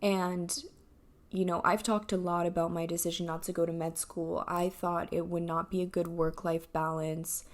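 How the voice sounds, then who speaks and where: A woman in her twenties talking in a reflective personal vlog, soft-spoken and halting with many fillers, emotional and near tears. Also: fairly low pitch, little pitch movement. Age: 20s. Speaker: vlogger.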